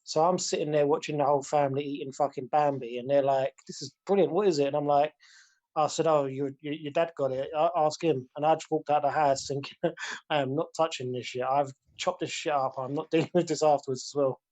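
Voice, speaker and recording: A man's voice: a little high, fairly even intonation, a little fast, darkish tone. A man telling a profane, laughing story in a casual group voice chat.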